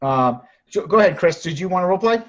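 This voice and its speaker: Guy coaching sales on a group call, kinda high voice, muffled lo-fi audio, keeps restarting. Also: animated. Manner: direct, encouraging, talks in quick restarts.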